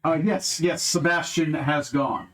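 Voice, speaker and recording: A man's voice: a little high, steady tone, a little slow, fairly bright tone. A man running a tabletop game as game master, narrating in a laid-back, jokey way.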